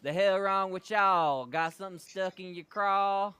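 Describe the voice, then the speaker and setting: A man voicing a dim-witted hillbilly wrestler with a slow, dopey country drawl. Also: high-pitched, bright, forceful tone, clean tone, dry recording.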